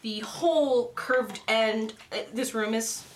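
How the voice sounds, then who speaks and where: A woman's voice: fairly high pitch, slow pace, a little hiss or hum. A young woman narrating a tabletop game as game master, casual and rambling. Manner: casual, rambling, laughs often.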